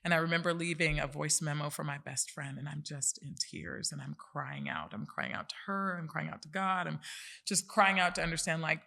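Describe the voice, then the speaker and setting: Woman in her 40s, gravelly voice, earnest podcast guest, leans hard on key words. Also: low-pitched, expressive, fairly quick, pushed and bright. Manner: earnest, emphatic storytelling. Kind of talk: personal story in a podcast interview.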